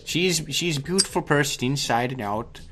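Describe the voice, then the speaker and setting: A man's voice: a little high, animated, moderate pace, a bit bright. Easygoing laughing male podcast co-host. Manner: easygoing, laughs often, loose filler-heavy talk. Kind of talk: casual comedic chat. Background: faint music bed.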